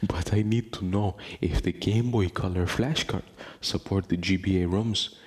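A man's voice: deep voice, fairly even intonation, normal speed, a little mellow, slightly rough. A young man hosting a casual late-night podcast, rambling, laughing often and swearing casually. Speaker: podcast host.

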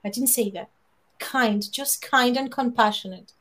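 A woman giving public speaking advice in an emphatic, animated way, often laughing and acting out quoted lines. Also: fairly high pitch, a little slow. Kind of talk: lively conversational advice.

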